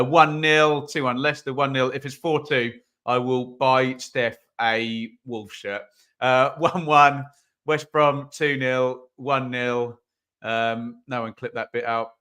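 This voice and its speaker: Man, live stream host, casual chatty delivery, bright forceful tone, mid pitch. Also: fairly even intonation, unhurried, smooth. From England. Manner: chatty, reads out viewer comments, bursts into loud calls. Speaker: football watch-along host. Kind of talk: live stream chat and commentary. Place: home office.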